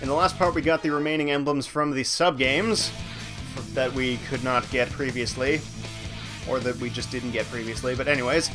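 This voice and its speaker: A man talks through his game in a loose, rambling way, poking fun at himself as he goes. His pitch sits in an ordinary middle range, and bright game music plays under his voice the whole time. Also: fairly even intonation, moderate pace. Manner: rambling, self-mocking, offhand. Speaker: let's play host. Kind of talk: casual gameplay commentary.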